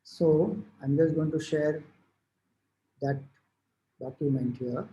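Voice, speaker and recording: High-voiced Indian man giving a spiritual talk. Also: slow pace, mellow, highs cut off, a little hiss or hum. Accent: Indian English. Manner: storytelling, explanatory, with fillers and restarts. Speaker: spiritual teacher. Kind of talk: devotional discourse. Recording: roomy echo.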